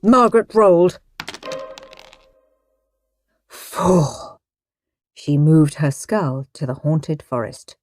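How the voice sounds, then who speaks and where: A woman narrating a children's audiobook in a lively, dramatic way, relishing each line. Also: deep voice, slow pace, dry recording. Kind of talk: expressive storybook narration.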